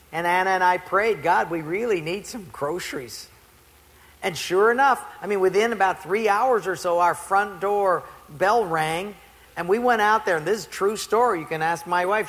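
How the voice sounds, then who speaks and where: A middle-aged male pastor preaching a sermon to a congregation, telling stories in an animated, playful way. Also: sits high. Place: church before a congregation. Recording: long hall reverb.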